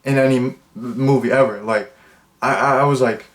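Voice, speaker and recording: A man rambles through a relaxed, unscripted film review, packing nearly every phrase with "like." His tone stays amused and offhand as he restarts sentences and chases tangents. His voice has a middle pitch. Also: moderate pace. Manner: rambling, constant "like" fillers, amused. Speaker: movie reviewer. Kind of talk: casual unscripted monologue.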